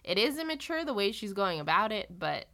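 A young woman chats casually on a podcast, filling her talk with "like" and "you know". Her voice is bright, at an ordinary pitch for a woman. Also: very animated, brisk. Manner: rambling, says "like" a lot, playfully imitates characters. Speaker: podcast co-host. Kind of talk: casual chat recapping a TV episode.

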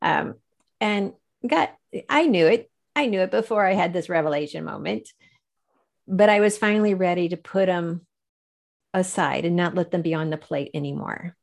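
A woman's voice: fairly low pitch, moderate pace, gravelly. A woman guest in a faith-based interview, telling her story with animation, laughing often and acting out the people she quotes.

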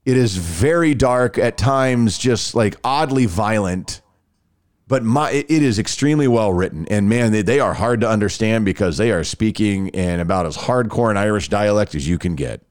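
A podcast host with a fairly low voice and lively intonation chats casually at a moderate pace, rambling and often restarting his sentences. His tone is a little mellow, and the sound is clean studio audio with no echo.

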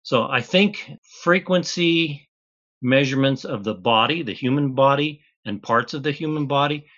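A man's voice: mid-range voice, moderate pace, a bit bright, dull audio. A man, a chemist guest on an interview, patiently explaining step by step in plain words.

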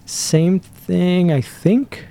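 A man co-hosting a casual podcast, talking excitably and enthusiastically, often trailing off mid-sentence as he hunts for words. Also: high-pitched, drawn-out words, gravelly, clean tone. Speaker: podcast co-host reviewing cigars. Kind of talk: casual chat.

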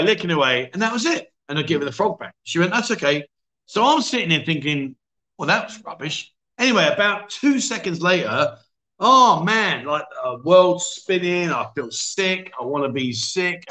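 A man's voice: fairly high pitch, fairly bright tone. A man hosting a livestream chat show, telling a story in a chatty, self-mocking way and reading out viewer comments. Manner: chatty, self-mocking, full of fillers and voices for quotes.

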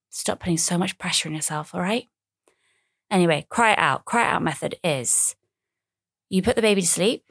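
A woman's voice: on the low side, a bit bright, no echo, clean studio sound. A woman, talking casually and at length on her own podcast, rambling with self-mocking asides. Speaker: podcast host. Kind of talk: casual solo podcast chat.

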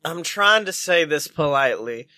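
High bright-voiced joking man. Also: animated, normal speed, no echo, clean studio sound. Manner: profane, joking, playful. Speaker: podcast co-host. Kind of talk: casual chat.

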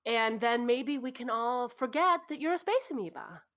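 A woman improvising a starship first officer. She talks in an excitable way and bargains quickly. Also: a little high. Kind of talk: improvised sci-fi role-play.

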